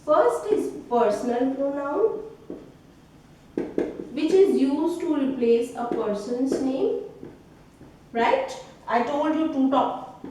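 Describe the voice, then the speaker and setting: A woman's voice: high-pitched, dark tone. A woman teacher with an Indian English accent, giving a classroom grammar lesson and checking in with a questioning "right?" at the end of her points. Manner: slow, explanatory, ends phrases with a questioning "right?". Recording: echoey room, voice from a distance, faint hiss.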